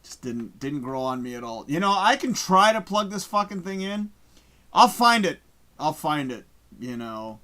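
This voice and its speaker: A man hosting a casual livestream, reading viewer comments aloud and chatting in a profane, rambling, animated way. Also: a little high, moderate pace. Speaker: livestream host.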